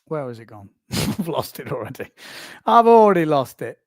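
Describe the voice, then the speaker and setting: A man hosts a live stream from a small booth and chats casually as he reads out viewer comments. His voice sits a bit high, and the close mic gives a dry sound with no room echo. He laughs easily and pokes fun at himself. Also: very animated, moderate pace. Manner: chatty, self-mocking, laughs often.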